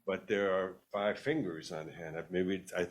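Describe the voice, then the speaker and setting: A man in a study class offering a recollection about grammar, tentative and quick to admit he could be wrong. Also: deep voice, background noise. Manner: tentative, qualifies his points. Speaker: class participant.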